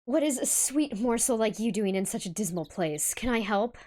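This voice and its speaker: A woman's voice: on the high side, expressive, mellow, lightly acted. A woman doing Klavier Gavin, a suave rock-star prosecutor. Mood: suave flirty. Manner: suave, slow, drawn-out delivery.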